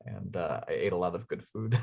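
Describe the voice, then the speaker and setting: A man's voice: sits low, a little fast, vocal fry, a little mellow, breathy edge. A man being interviewed about his inventions, telling stories enthusiastically, laughing often, with many ums and uhs. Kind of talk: casual storytelling.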